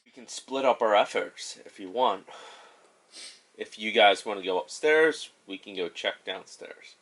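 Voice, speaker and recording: Brief: male tabletop player, casual, lowish voice. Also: lively intonation, measured pace, a bit bright.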